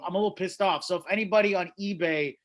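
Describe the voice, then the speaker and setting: He talks fast in a voice that sits high and a bit bright. As host and comedian of an open mic held over video call, he riffs and rambles through self-deprecating stand-up from a small room at home.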